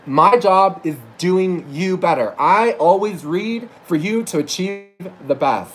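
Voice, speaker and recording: A man's voice: high-pitched, expressive, slow, few pauses, a bit bright, soft background music, low-quality recording. A tipsy man working as a psychic reader, ranting and rambling through a profane livestream monologue, teary at times and correcting himself as he goes.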